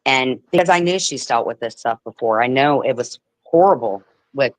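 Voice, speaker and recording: A woman hosting a casual livestream chat, telling animated stories, swearing freely and mimicking the people she talks about. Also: very deep voice, normal speed, no room sound, low-quality recording. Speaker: livestream host.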